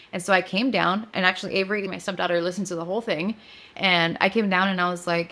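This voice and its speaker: A woman's voice: on the low side, quick pace, a little hiss or hum. A woman in her thirties hosting a podcast, telling a personal story in a candid, confessional way and acting out her own quotes with energy. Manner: candid, confessional, animated retelling. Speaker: podcast host.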